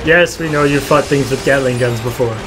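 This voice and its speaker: A man's voice: mid-range voice, a little fast, poor audio. A man co-hosting a game stream in a casual, joking chat. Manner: joking, playful. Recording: game music behind the voice.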